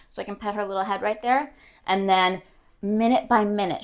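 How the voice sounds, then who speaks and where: A woman's voice: medium pitch, normal speed. A young woman streaming, chatting casually, rambling and giggling with many ums.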